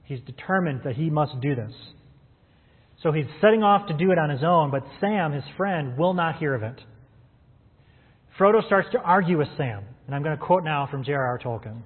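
A man's voice: fairly high pitch, animated, normal speed, slightly rough. A man preaching a sermon as a pastor, earnest and calling his listeners friends. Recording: phone-like sound in a reverberant hall.

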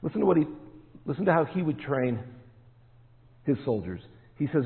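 A man's voice: fairly high pitch, very animated, moderate pace, creaky, long pauses. Male pastor, emphatic sermon, long hall echo, tinny phone-like sound. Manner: emphatic, rising to stressed words.

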